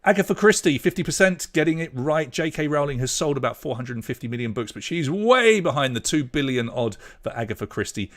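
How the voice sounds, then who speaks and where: A man's voice: a little high, lively intonation, fairly quick, few pauses. A young British man hosting an online pub quiz, chatty and loose, reading out scores and names and trailing off when a name escapes him. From Britain. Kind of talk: live-streamed quiz hosting.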